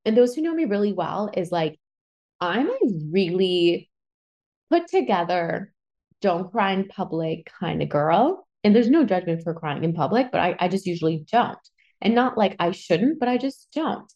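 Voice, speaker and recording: A woman hosting a podcast, telling a personal story in a chatty, animated way and swearing freely. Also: medium pitch, moderate pace, highs cut off. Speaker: podcast host. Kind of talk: casual storytelling monologue.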